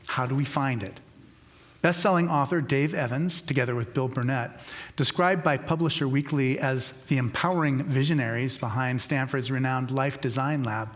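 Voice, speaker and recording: A man hosting a cathedral forum, reading a formal introduction and then asking relaxed, filler-laden questions. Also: mid-range voice. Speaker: cathedral dean and forum host. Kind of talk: scripted introduction, then conversational interview.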